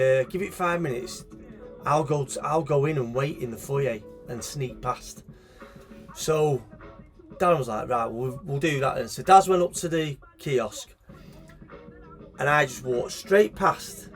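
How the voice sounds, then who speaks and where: A middle-aged man with a Manchester accent, telling a childhood story in a casual, animated way, swearing freely and acting out the people in it. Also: fairly high pitch. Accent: Manchester English. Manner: swears freely, animated, acts out voices in the anecdote. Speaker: shop owner telling a story.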